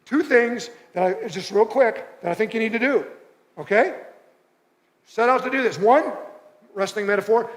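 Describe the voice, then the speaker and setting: A man's voice: very high voice, lively intonation, measured pace. A man preaching a sermon as pastor, conversational and driving points home by repeating short phrases. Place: church auditorium. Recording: long reverb of a church hall.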